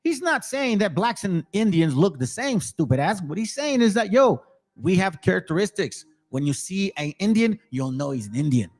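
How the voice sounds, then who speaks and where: A man's voice: high-pitched, very animated, moderate pace, darkish tone. A man hosting his channel, giving angry, profane commentary on videos he plays. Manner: profane, heated, ranting. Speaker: channel host.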